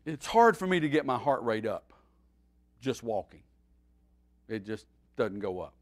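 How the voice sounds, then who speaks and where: A man, a pastor, teaching a Bible study in a folksy, animated preaching style that swings between loud and quiet. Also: medium pitch, a little slow.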